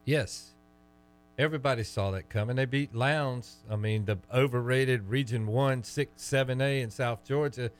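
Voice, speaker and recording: A man's voice: mid-range voice, moderate pace, clean tone, soft background music. A man with a Southern American accent co-hosting a sports radio show, needling his partner in argumentative banter. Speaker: radio co-host.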